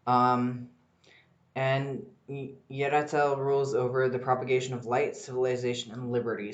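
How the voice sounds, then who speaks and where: In a noticeably echoey room, a solo podcast host rambles excitably and swears frequently. His pitch is ordinary and mid-range, and the recording's highs are cut off.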